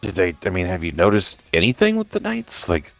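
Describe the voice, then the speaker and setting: A man's voice: sits low, fairly quick, gravelly, soft background music. A man playing in a tabletop game over a voice call, joking and cursing as he talks in character. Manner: animated, profane, jokey in-character quips. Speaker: player. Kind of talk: casual tabletop role-play chat.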